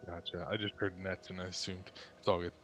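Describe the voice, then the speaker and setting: A man's voice: sits low, flat delivery, brisk, a bit bright, soft background music. A man playing in a tabletop game, asking rules questions hesitantly. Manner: hesitant, many fillers. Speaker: player.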